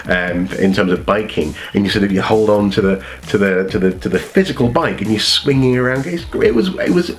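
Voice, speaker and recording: A man's voice: on the low side, a little fast, few pauses. A man with a cold telling meandering, casual stories from his childhood, often breaking off to correct himself. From North Wales. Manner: meandering, self-correcting, chatty. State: has a cold. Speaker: vlogger. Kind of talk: casual storytelling.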